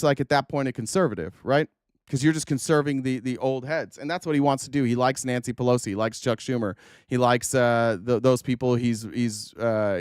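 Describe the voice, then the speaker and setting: A man's voice: fairly high pitch, no echo, studio quality. A man hosting a political commentary stream, talking casually with many fillers, restarts and swearing.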